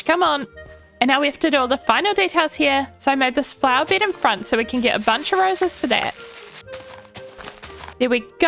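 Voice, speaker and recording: Bubbly high-voiced woman gaming. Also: creaky, fairly bright tone. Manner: bubbly, chatty, coos at in-game animals. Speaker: Minecraft YouTuber. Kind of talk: casual gameplay commentary. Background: faint background music.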